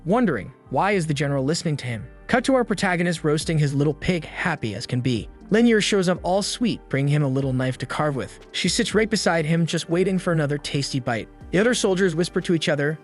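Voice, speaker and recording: A man's voice: a little high, animated, a little fast, hardly any pauses, faint music behind. A man narrating a comic recap in a casual, wisecracking storytelling manner.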